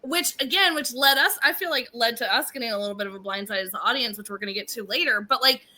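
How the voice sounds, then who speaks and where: Bright, sassy high-voiced woman. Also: fast. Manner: sassy and laughing, playful name-calling. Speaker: podcast co-host. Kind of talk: casual chat recapping a reality show.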